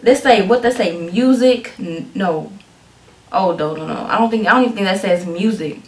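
In casual video commentary, a woman with a medium-pitched voice reacts to a music video at a moderate pace, speaking eagerly and directly to her viewers. She restarts her sentences frequently, and the recording has an echoey room sound.

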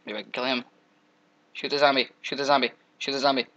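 A young man giving casual, jokey commentary while playing a game, trash-talking monsters with sudden loud outbursts. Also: medium pitch, flat delivery, quick pace, dull audio. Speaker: gameplay commentator.

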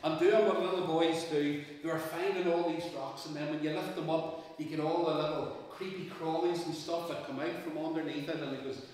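A man telling a children's story at a family church service, asking the congregation lively questions. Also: on the high side, brisk, few pauses. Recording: echoey church from far off.

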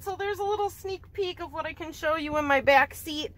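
High bright-voiced excitable woman vlogger. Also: fairly quick. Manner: excitable, giggly, gushing. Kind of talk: casual vlog chat. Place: in a parked car at night, then indoors at a table.

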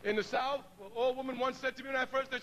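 Bright, high-pitched man telling stories. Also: fairly even intonation, fast, a little hiss or hum, low-quality recording. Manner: storytelling, laughs often, acts out quoted dialogue. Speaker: speaker addressing an audience. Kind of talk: public speech.

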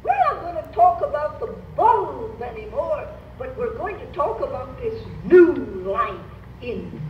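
High-pitched older woman preaching emphatically. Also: sing-song, measured pace, far from the mic. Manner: emphatic, urging the congregation to repeat phrases aloud. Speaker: Pentecostal Bible teacher. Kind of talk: sermon. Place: church meeting. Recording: roomy church hall, recorded from afar, faint noise.

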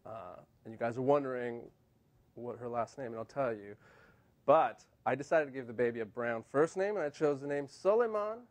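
A man in his thirties doing a stand-up comedy set on a TV studio stage, deadpan and self-mocking. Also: medium pitch, moderate pace. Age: 30s. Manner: deadpan, self-mocking punchlines with put-on quoted voices.

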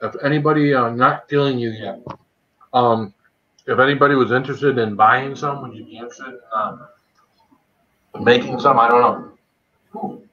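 A man's voice: mid-range voice, fairly even intonation, normal speed, long pauses. A man hosting a casual live stream, tasting spicy food and greeting viewers by name as he eats. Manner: chatty, greets viewers by name while eating. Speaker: livestream host doing a spicy food tasting. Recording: dull lo-fi stream audio.

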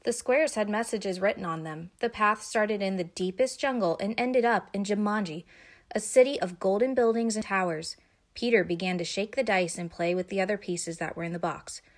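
A young adult woman narrating a children's picture book aloud, expressive and animated. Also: mid-range voice, moderate pace. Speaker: storyteller.

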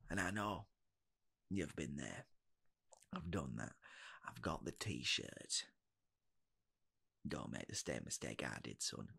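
A man voicing a weary old man who solemnly warns a young bowler, in whispered role-play. He talks slowly and sounds world-weary as he lectures. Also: very deep voice, gravelly, fairly bright tone, slightly rough, pitched below the performer's own voice, full character voice.

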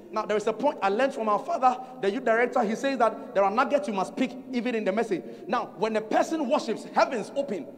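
A man with a Ghanaian accent preaching a sermon at a conference, driving points home by repeating them and calling for the congregation to respond. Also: very high-pitched. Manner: emphatic repetition and call-and-response with the congregation. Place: large conference hall. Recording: reverberant hall, faint music behind.

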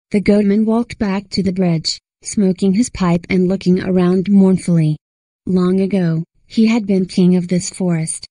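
Low, mellow woman reading a horror story. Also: dry recording, rough recording. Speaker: story narrator. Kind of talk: scripted horror story narration.

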